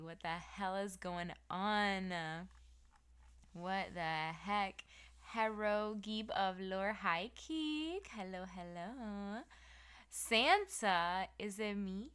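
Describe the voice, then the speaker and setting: A woman's voice: mid-range voice, fairly bright tone, clean tone. A young woman streaming, chatting casually and reading her chat aloud, giggly and playful with lots of slang, sleepy and yawning.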